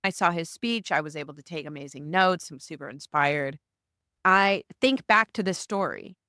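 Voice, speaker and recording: A woman hosts her own podcast and tells a personal story, acting out the lines of the people in it. Her voice sits low, and the recording is close and dry. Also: normal speed, no room sound. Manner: animated, acts out quoted dialogue. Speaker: podcast host. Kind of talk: storytelling solo episode.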